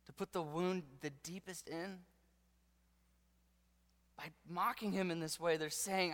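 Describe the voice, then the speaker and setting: A man preaching a sermon with passion, dropping to a hush and then rising to loud declarations. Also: high voice, fairly even intonation, measured pace, pauses often. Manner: impassioned preaching, swinging between hushed and loud. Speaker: pastor. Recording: long hall reverb.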